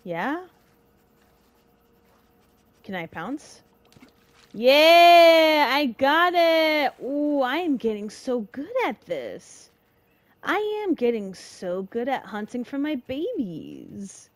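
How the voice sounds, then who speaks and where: A young woman giving emotional, dramatic let's-play commentary in casual slang, reacting loudly to what happens in the game. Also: a little high, wildly swooping pitch, slow pace, long pauses, dry recording. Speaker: gamer.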